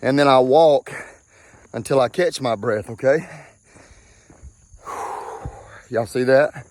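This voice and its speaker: A man's voice: medium pitch, takes it slowly, noisy background. A man with a Mississippi accent, out of breath, talking casually while walking outdoors and keeps saying okay. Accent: Southern US, Mississippi. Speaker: vlogger.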